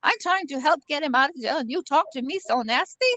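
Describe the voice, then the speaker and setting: A woman's voice: high-pitched, lively intonation, fairly quick, a bit bright, no room sound, pitched above the performer's own voice. A woman putting on the voice of a sweet, doting old grandmother who plays gullible, cooing and overly sweet. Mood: fussing.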